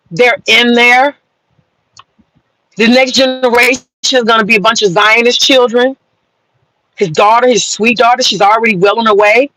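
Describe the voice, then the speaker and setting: High-voiced woman ranting on a live stream. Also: a bit bright, dry recording, low-quality recording. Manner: mocking, profane, bursts into long laughter. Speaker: livestreamer. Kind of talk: live-stream rant to viewers. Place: parked car in a parking lot.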